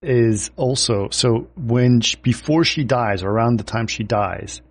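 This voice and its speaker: Halting man cutting in on a film chat. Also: medium pitch. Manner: halting, repeats words when he jumps in. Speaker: film podcast co-host. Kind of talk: casual film discussion.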